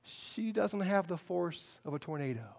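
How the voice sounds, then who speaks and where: A man's voice: high-pitched, expressive, measured pace, creaky, darkish tone, full character voice. A man voicing God in a sermon, emphatically reminding a prophet of his power. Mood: reassuring. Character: God, mighty and reassuring.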